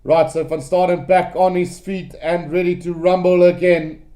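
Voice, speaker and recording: Excitable high-voiced man calling rugby live. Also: normal speed. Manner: excitable, calls play-by-play to viewers as "guys". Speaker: live match commentator.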